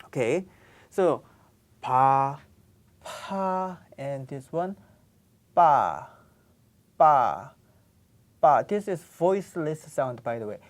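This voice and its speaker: A woman with an extremely low-pitched, dark voice teaches Korean pronunciation, going over each sound again and again with patience for her learners.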